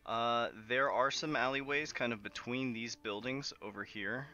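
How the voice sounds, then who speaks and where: A man running a tabletop game as game master, narrating in a relaxed, casual way full of fillers. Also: mid-range voice, moderate pace, dull audio, faint music behind.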